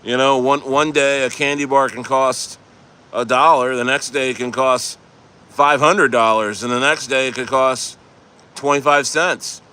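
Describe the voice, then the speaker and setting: Outdoors near the coast, a man livestreams, reading and answering chat in a rambling manner with frequent laughs and unfinished sentences. His mid-range voice is fairly even in intonation, measured in pace, and sharp yet clean in tone.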